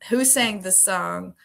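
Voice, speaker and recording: A woman hosts a casual live trivia stream in a bright, forward, gravelly mid-range voice. Answer options are read out slowly, and she laughs often while chatting with her audience.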